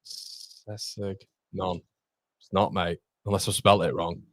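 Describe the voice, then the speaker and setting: A man chatting excitedly on a live stream, reacting to the chat and the football match as he watches. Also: deep voice, slow pace, no room sound, clean studio sound.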